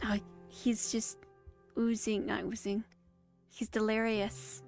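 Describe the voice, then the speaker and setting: Woman, high voice, casual live commentary, rambling, chatty, streaming mic. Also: level tone, slow, creaky, a little mellow, soft background music. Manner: chatty, rambling asides, self-interrupting. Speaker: streamer hosting a movie watch-along. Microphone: streaming setup.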